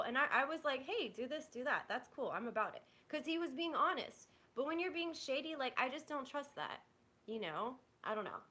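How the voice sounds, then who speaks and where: A woman's voice: a little high, pushed and bright. A young woman venting bluntly to her viewers, rambling and swearing in frustration. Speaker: vlogger. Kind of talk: candid venting to a live audience.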